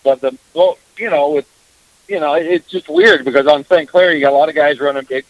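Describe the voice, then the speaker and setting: A man's voice: a little high, sing-song, a little fast, creaky, no echo, lo-fi sound. A man chatting casually as a guest about fishing on the radio, rambling with lots of filler words. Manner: rambling, heavy on "you know" fillers.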